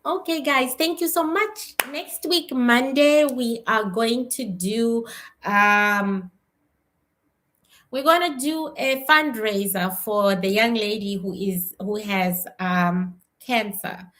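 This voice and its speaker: A woman psychic medium from South Africa, giving a live spirit reading in a slow, emotional and repetitive way with a gravelly voice. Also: fairly high pitch, a bit bright.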